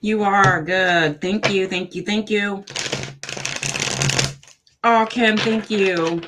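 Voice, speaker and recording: A woman's voice: mid-range voice, steady tone, slow, pauses often, noisy background. A woman in her fifties giving frank, affectionate advice as a tarot reader during a live-stream psychic reading, chatting with viewers between readings.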